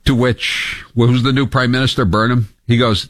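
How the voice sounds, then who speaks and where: A man hosting a talk radio show, indignant and animated, reading quotes aloud and taking calls. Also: medium pitch, moderate pace, few pauses, no echo. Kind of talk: talk radio, opinionated commentary.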